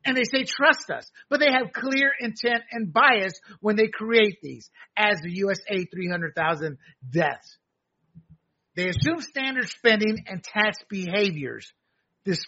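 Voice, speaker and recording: A man's voice: sits high, pushed and bright, muffled recording. A man delivering an opinionated, combative political monologue as a show host, ranting emphatically. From United States.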